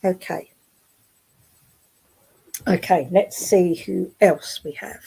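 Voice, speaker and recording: A woman working as a spiritualist medium in an online service, speaking gently and affectionately, with many fillers and restarts. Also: fairly low pitch, slow pace, vocal fry, husky, rough recording. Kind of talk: clairvoyant readings in an online service. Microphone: video call.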